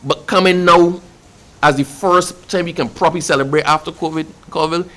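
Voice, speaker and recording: A man's voice: on the high side, fairly even intonation, moderate pace, fairly bright tone. A man from Barbados with a Barbadian accent, answering an interviewer in a passionate, emphatic way and repeating phrases for effect. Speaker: official speaking about national celebrations.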